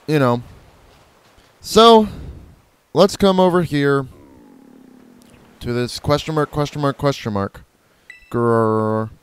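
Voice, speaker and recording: Here the host's voice is a little high and expressive, smooth, and slow, with frequent pauses. He's casually narrating his own gameplay in let's-play style, wandering off playfully, fixing his own slips, and doing impressions of creature cries.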